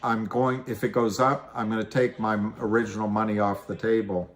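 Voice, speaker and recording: A man's voice: lowish voice, little pitch movement, moderate pace. A middle-aged man hosting a casual livestream, rambling and self-deprecating as he talks through trades and answers viewer comments. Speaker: livestream host. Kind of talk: casual livestream chat about stocks.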